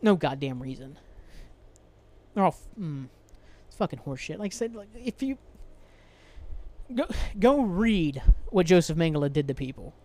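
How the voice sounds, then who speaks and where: A young man hosts a solo podcast, delivering an angry, profane, rambling rant full of sighs and restarts. His voice is fairly high and a little mellow, very animated, at a moderate pace.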